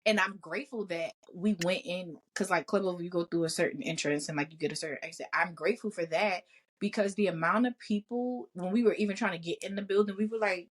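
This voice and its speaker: A woman co-hosts a podcast in casual chat. Her voice sits fairly low, and she laughs a lot and swears freely as she tells her stories. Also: fast, breathy edge. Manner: laughs often, swears freely, animated storytelling. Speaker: podcast co-host.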